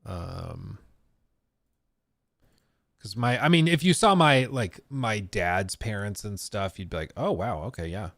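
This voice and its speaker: A man's voice: fairly low pitch, lively intonation, slow, gravelly, pauses often, a bit bright, dry recording. A man hosting a live stream, rambling casually as he reads and answers viewer messages. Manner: rambling, reacting to chat with frequent restarts.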